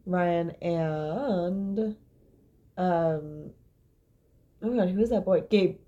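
Relaxed young woman with a mellow voice. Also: lowish voice, very slow, lo-fi sound. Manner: relaxed, hesitant, trailing off with fillers. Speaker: podcast co-host. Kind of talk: casual chat recapping a reality show.

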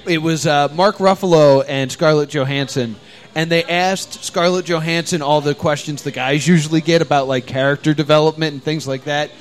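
A man's voice: fairly high pitch, fairly even intonation, normal speed. A young man hosting a casual podcast, playful, leading the segment and asking the others questions. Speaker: podcast host.

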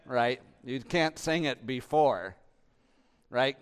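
Male pastor, impassioned sermon delivery, hushed to booming, resonant tone. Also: lively intonation, slow pace. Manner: impassioned, swinging from hushed to loud.

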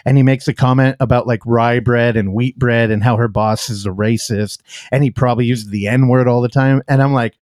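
In clean studio sound without echo, a man hosting a relaxed film podcast talks fairly quickly, laughing often and breaking into his own sentences. His voice is medium in pitch, fairly even in intonation, and a little mellow.

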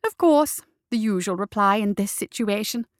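A woman voicing Justice, a fierce blind female death marshal with a sharp, commanding way of speaking. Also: medium pitch, expressive, moderate pace, dry recording, clean studio sound, close to an everyday voice. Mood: menacing.

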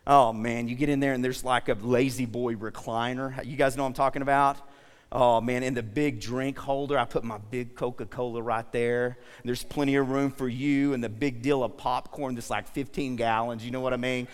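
A man's voice: mid-range voice, normal speed. A man preaching a sermon as pastor, telling stories and asking the congregation questions. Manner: lively storytelling, asks the congregation questions. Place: church sanctuary. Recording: long hall reverb.

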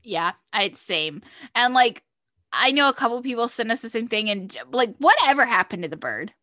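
A woman's voice: on the high side, sing-song, normal speed, pushed and bright, dry recording, studio quality. A woman co-hosting a casual podcast, chatting about a TV show with trailing asides. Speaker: podcast co-host.

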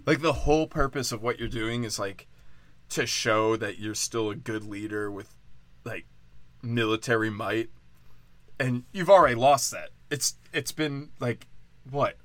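A man's voice: mid-range voice, measured pace, fairly bright tone, dry recording. A man hosting a comedy podcast, ranting in a crude, profane, sarcastic way and drifting off his point. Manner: off-the-cuff, loses his thread. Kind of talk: rambling comedic rant.

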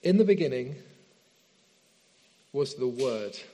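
Earnest preacher in a reverberant church hall. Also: male voice, mid-range voice, animated. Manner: earnest, slows down and softens in prayer. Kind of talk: sermon with prayer and scripture reading. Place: church hall with screen behind speaker.

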